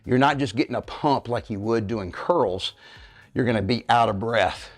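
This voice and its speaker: A man's voice: medium pitch, moderate pace. A man in his fifties leading a home workout, getting out of breath while he demonstrates the moves and checks in with his viewers. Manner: coaching, checks in with "okay, guys?". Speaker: fitness coach. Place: home living room.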